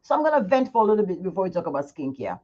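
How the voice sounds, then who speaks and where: Middle-aged woman, lively swinging pitch, frank venting chat, home livestream, muffled lo-fi phone sound. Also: racing. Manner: animated, venting frankly to viewers. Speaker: skincare channel host.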